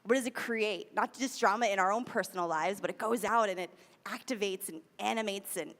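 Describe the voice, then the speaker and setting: Recorded in a reverberant hall, a woman from the United States speaks at a spiritual center, giving a sermon talk in a casual, conversational style. Her mid-range voice is brisk and fairly bright, and she repeats key phrases for emphasis.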